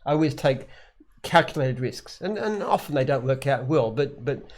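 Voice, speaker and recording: An Australian man in his usual middle pitch talks in a plain, unpolished way. He wanders through his answers, restarting sentences as he goes, like a founder chatting loosely on a live show. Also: lively intonation, moderate pace. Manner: plainspoken, rambling, frequent restarts. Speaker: company founder and CEO. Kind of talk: casual live Q&A chat.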